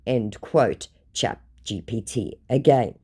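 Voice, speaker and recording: A woman's voice: a bass voice, expressive, slow, mellow, husky. An Australian woman casually recounting a story in a blunt, sarcastic way, swearing freely. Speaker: scam-baiting channel host.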